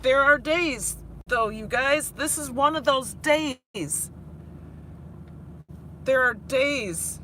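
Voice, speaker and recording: A woman who teaches high school, vlogging live while worn out after crying, talking earnestly with halting restarts as she reads her chat. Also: animated, bright, forceful tone, a little hiss or hum. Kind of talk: live-stream vlog, reading chat.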